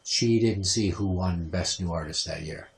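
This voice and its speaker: A young man hosting a podcast, telling crude, sarcastic stories full of swearing and sometimes mimicking his mother in a shrill voice. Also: moderate pace, creaky. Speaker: podcast host. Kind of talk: crude comedic storytelling.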